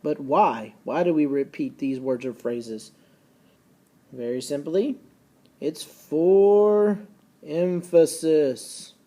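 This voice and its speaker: A man teaching a recorded lesson, folksy and casual, slowing down and repeating key points so students can take notes. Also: fairly high pitch, mellow. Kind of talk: recorded classroom lecture.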